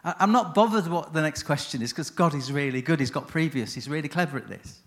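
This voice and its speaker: A man's voice: a little high, animated, quick pace. Chatty man telling a story. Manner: chatty, self-interrupting, anecdotal. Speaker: seminar speaker on chaplaincy. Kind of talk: conference talk with storytelling.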